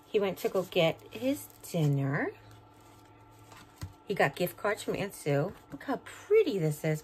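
A woman's voice: mid-range voice, darkish tone, slight background noise, rough recording. A middle-aged woman chatting casually at home as she opens and reads fan mail, sentimental and talkative. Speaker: vlogger opening fan mail. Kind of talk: casual unboxing chat. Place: home, indoors.

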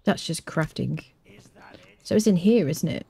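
A woman giving casual gameplay commentary, excitable and humming little tunes as she plays. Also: low voice, a little slow, gravelly, pauses often, breathy edge. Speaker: gameplay streamer.

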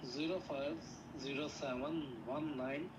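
A man's voice: on the high side, fairly even intonation, unhurried, a crowd in the background. A man calling as a scammer, speaking pushy, insistent broken English over a phone line. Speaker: scam caller.

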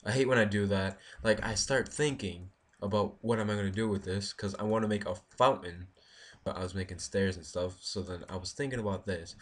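A man's voice: lowish voice, a little fast. A man giving casual let's-play commentary, rambling and thinking aloud as he builds, talking to his viewers. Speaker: gaming video creator.

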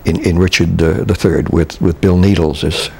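An older man from Canada, a veteran stage actor, recalling his career in an interview with halting restarts and chuckles. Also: low-pitched, fairly even intonation, gravelly, a little hiss or hum. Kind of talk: reminiscing interview.

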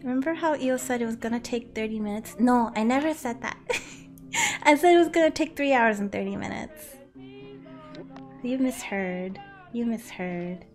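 A fairly high-voiced woman live-streaming a game from her home setup. She reads chat aloud and answers in a giggly, playful way. She yelps and grunts as she plays. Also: expressive, fairly quick, music in the background. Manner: yelps and grunts while playing. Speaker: streamer playing a climbing game.

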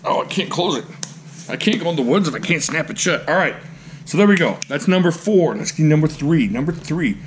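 Excitable man gushing over his collection. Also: on the high side, brisk, a little hiss or hum. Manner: excitable, gushing exclamations and goofy jokes. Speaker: knife collector, channel host. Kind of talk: casual show-and-tell vlog.

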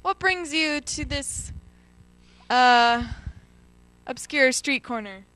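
A woman playing an awkward, clueless field reporter in a spoof comedy sketch, speaking in halting, fumbling phrases. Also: high voice, bright, forceful tone, dry recording, heavily acted. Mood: bumbling.

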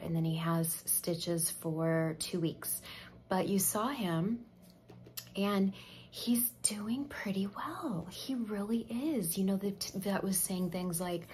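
A woman's voice: fairly low pitch, darkish tone, slight background noise. A middle-aged woman chatting casually while doing her makeup, telling an emotional story and dropping to a near whisper at tense moments. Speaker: makeup vlogger.

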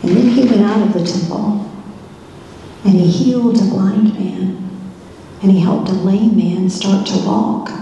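A woman's voice: medium pitch, fairly even intonation, measured pace, creaky, long pauses, mellow, dull audio, slight background noise. A woman pastor playing a curious, searching Roman governor's wife in a first-person church monologue, asking many wondering questions. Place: church sanctuary. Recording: echoey church hall.

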